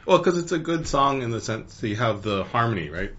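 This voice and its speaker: A man's voice: mid-range voice, very animated, fairly quick, fairly bright tone, muffled recording. A man co-hosting a podcast in casual chat, laid-back and profane, laughing often. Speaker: podcast co-host.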